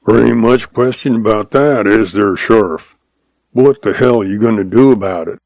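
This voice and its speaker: A man's voice: on the low side, moderate pace, darkish tone, no echo, lightly acted. A man doing a sneering sarcastic cowboy.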